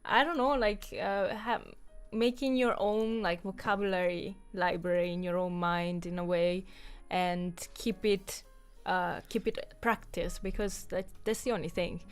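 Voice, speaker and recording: A woman's voice: mid-range voice, steady tone, a little slow, clean tone, faint music behind. Chatty woman, non-native English. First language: not English. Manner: chatty, many fillers, laughs often. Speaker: co-host. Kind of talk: casual chat.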